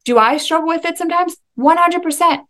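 A young woman hosting a solo faith-based podcast, talking in an excitable, emphatic way and at times laughing or tearing up. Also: extremely high pitch, brisk. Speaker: podcast host.

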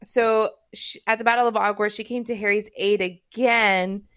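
A woman's voice: mid-range voice, fairly even intonation, moderate pace, a bit bright, a little hiss or hum. A woman hosting a casual chat, talking in a gushing, emotional way with lots of "like". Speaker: podcast host.

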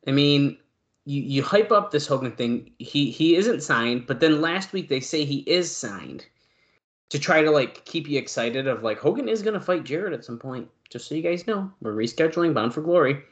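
A man's voice: a little high, lively intonation, moderate pace, lo-fi sound. A man co-hosting a casual wrestling podcast, rambling along with lots of fillers. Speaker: podcast co-host.

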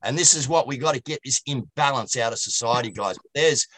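A man telling a blunt anecdote in an animated way during an interview. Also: medium pitch, brisk, no room sound. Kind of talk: interview discussion.

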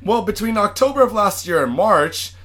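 A man's voice: high-pitched, expressive, moderate pace, fairly bright tone. A man co-hosting a casual podcast, reading news items and riffing on them crudely with a lot of swearing. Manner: reads news items then riffs crudely, swears often. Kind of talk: casual profane podcast banter.

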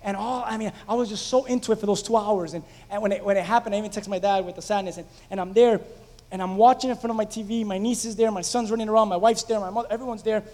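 High-voiced man preaching in a reverberant hall. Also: fast talker. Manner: animated storytelling, asks the congregation questions. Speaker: pastor. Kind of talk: conversational sermon.

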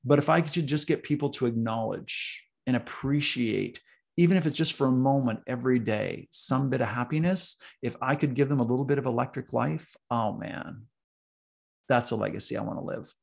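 Male podcast guest, coach type; earnest storyteller, gravelly texture. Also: mid-range voice, normal speed. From North America, East Coast. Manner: earnest, storytelling, emphatic repetition. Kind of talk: casual podcast conversation.

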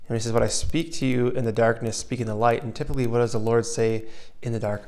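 A man preaching a sermon in an earnest way, dropping to a soft hush when he voices comforting words and rising again for emphasis. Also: mid-range voice, level tone, fast talker. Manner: earnest, shifts between loud emphasis and soft hushed asides.

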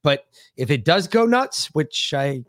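A man's voice: fairly high pitch, very animated, a little slow, fairly bright tone, no room sound, studio quality. A man co-hosting a political podcast, ranting in a heated, profane way. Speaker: podcast co-host. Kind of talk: casual political podcast chat.

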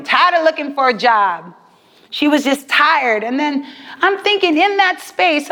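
A woman delivers a sermon in a high voice, building her points through rhythmic, emphatic repetition and calls to her listeners. Her words ring out with a long reverb trailing behind them. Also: expressive, measured pace, sharp tone. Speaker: preacher.

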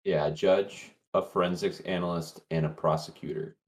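Very deep, husky man chiming in. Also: steady tone, normal speed. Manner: quiet, chimes in with corrections. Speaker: podcast co-host. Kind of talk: casual chat.

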